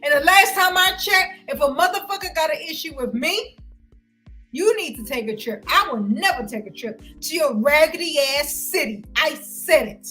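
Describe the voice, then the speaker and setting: A vlogger with a high, bright voice rants heatedly to her viewers in a profane livestream, loud, confrontational, and cursing often. She's animated at a moderate pace, with faint music behind her and poor audio.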